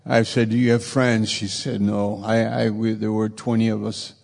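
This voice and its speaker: A man's voice: on the low side, little pitch movement, normal speed, vocal fry, a little mellow, in a large hall. A man preaching a sermon, with repetitive, emphatic phrasing.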